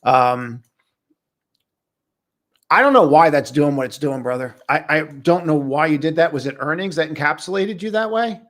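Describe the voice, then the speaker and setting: A man's voice: on the high side, normal speed, a bit bright. A man hosting a live trading stream, talking loosely and casually to viewers, calling them brother and buddy.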